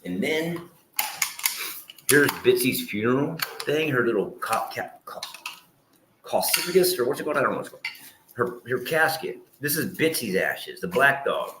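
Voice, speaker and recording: A middle-aged man livestreams with his dogs, rambling casually and swearing now and then, sometimes breaking into loud scolding or prayer. His mid-range voice has a sing-song lilt at a moderate pace, with background noise present.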